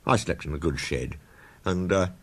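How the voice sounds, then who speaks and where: A man voicing a proud, impatient male engine with a brisk, flustered manner. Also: a bass voice, a bit bright, slight background noise. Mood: evasive.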